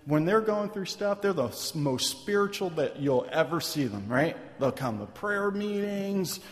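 A man preaches slowly to his congregation, and his voice sits a little high. He talks in a loose, conversational way, tossing in "right?" and "man". His voice rings with the long reverb of a church hall. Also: animated. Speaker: pastor. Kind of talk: sermon.

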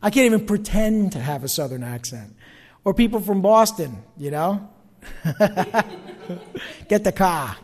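A man's voice: high voice, darkish tone, big-room sound. A man with a North Jersey accent, preaching a sermon in a chatty way, full of asides and questions to the congregation. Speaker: pastor.

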